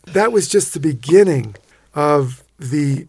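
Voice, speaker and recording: A man telling vivid stories as a guest in a radio interview, animated, with frequent restarts. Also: on the high side, slow pace, creaky, slightly rough, no room sound, studio quality. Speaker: interview guest, expedition writer.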